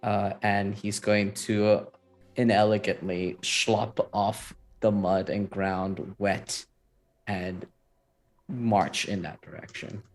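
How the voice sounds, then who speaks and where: Man, tabletop role-play player, unhurried and musing, lowish voice, soft music underneath. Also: steady tone.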